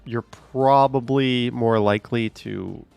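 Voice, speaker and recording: A man's voice: medium pitch, fairly even intonation, slow, creaky, a little mellow, smooth, soft background music. A man live-streaming, chatting casually and reading viewer comments aloud, musing in a rambling way with lots of fillers. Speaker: live-streaming walking vlogger.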